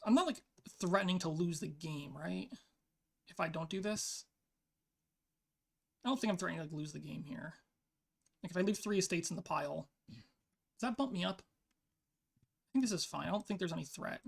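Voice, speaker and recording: A player commentates casually over their own online card game match, thinking out loud and saying "like" constantly. The medium-pitched voice is brisk, with vocal fry and long pauses.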